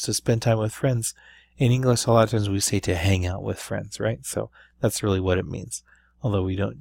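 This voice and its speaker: A man with a somewhat low voice gives a patient review lesson, explaining step by step and checking in with his listeners. His sound is dry and close, with no room around it. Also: vocal fry, a little mellow, no room sound. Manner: explanatory, patient, with fillers and frequent "right?". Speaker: Spanish teacher. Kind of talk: recorded classroom review lesson.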